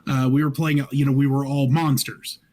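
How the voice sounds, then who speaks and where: A man talking as a guest on a podcast over a voice call, sharing a gaming story in a relaxed, hesitant way. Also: mid-range voice, normal speed. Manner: relaxed, hesitant, many fillers. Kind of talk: casual chat.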